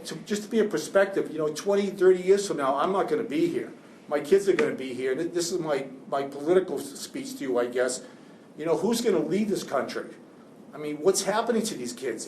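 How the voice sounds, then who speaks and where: A man speaks to a class with raw, rambling passion, stumbling and restarting as his feeling runs high. His voice sits a little high for a man and rings in an echoey room. A faint hiss sits under it. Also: a little mellow, distant mic. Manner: emotional, impassioned, rambling with restarts. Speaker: juvenile defense attorney, guest speaker. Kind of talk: classroom talk to law students.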